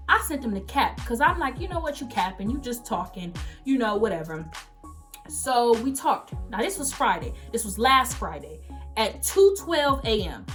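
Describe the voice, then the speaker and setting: A young woman in her late teens telling a story-time vlog, animated and emphatic, acting out the quoted messages as she goes. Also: on the high side. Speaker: vlogger.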